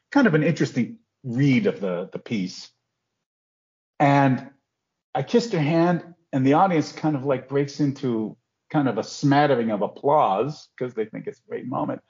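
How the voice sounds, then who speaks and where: An older man, a guest actor, telling stories from his career in an animated way and acting out the quotes. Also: mid-range voice, husky, muffled recording. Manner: animated storyteller, acts out quotes. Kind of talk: casual storytelling interview.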